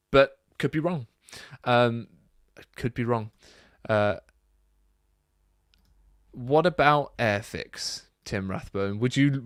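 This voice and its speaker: Relaxed, chatty man with dry sound. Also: medium pitch, no echo. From Britain. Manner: chatty and relaxed, many fillers and asides. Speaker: YouTube channel host. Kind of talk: casual Q&A reading viewer comments.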